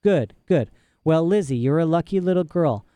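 A man's voice: fairly high pitch, expressive, normal speed, dark tone, dry recording, pitched above the performer's own voice, close to an everyday voice. A man reading an audiobook, voicing a soothing, condescending male doctor who talks a child round.

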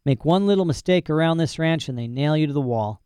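A man's voice: fairly high pitch, expressive, brisk, a little mellow, clean tone, no room sound. Folksy male storyteller, dry sound. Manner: folksy, boastful, rural dialect grammar. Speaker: audiobook narrator. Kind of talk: first-person storybook narration.

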